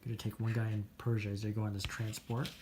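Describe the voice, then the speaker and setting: A man's voice: on the low side, little pitch movement, quick pace, noisy background. A man narrating his own turn in a tabletop strategy game, methodically counting out moves and dice rolls as he goes. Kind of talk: casual tabletop game commentary.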